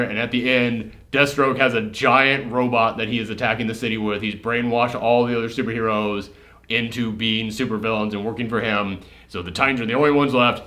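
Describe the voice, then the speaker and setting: A man hosting a casual movie reaction chat, animated, laughing and acting out scenes. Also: medium pitch. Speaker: host.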